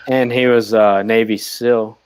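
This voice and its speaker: A man's voice: lowish voice, steady tone, measured pace, slight background noise. A man appearing as a guest, chatting casually in a hesitant way with repeated words. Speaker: guest, aquarium shop owner. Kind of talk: casual chat.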